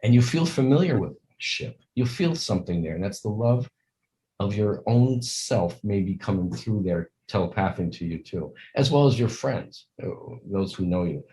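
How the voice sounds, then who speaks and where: Older man with a low, mellow voice. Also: animated, moderate pace, low-quality recording. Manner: earnest, rambling, acts out quoted greetings. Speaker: interview guest. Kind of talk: conversational interview.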